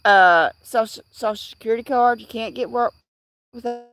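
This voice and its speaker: A woman's voice: a little high, normal speed. A middle-aged woman hosting a casual livestream, rambling with many fillers and restarts as she answers viewers in chat. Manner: replies to chat viewers by name. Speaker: livestream host.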